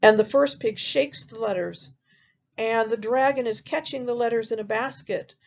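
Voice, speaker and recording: A woman, a teacher, reading a picture book aloud to children in a gentle, expressive storytelling manner. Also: a little high, normal speed, gravelly, dull audio.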